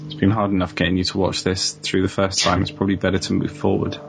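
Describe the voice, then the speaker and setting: A man's voice: deep voice, monotone, fast talker, vocal fry, background noise. A man co-hosting a podcast, chatting casually and recapping episodes with lots of ums. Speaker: podcast co-host. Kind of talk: casual chat.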